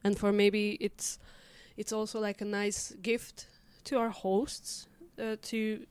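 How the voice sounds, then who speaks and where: A woman's voice: medium pitch, little pitch movement, slow, darkish tone, clean tone. A young woman from Hungary, a community radio member, chatting casually and hesitantly with many fillers. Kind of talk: casual conversation.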